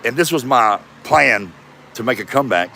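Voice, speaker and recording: Man in his fifties, rambling profane vlog, lively swinging pitch, outdoor front yard, faint traffic behind. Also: moderate pace, vocal fry. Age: 50s. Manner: rambling, profane, self-mocking. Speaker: comedian vlogger. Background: passing traffic.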